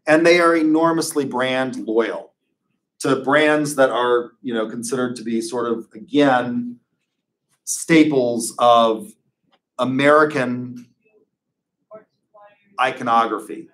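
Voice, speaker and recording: A man's voice: mid-range voice, slow pace, long pauses, fairly bright tone. A man giving a conversational classroom lecture as a professor, full of wry, digressive asides.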